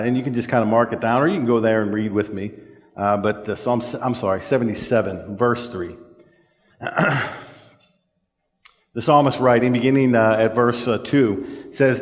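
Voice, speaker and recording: A man preaching a sermon in a church. He talks earnestly and haltingly, with frequent fillers, and slows down to stress key words. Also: mid-range voice. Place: church sanctuary. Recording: echoey church hall.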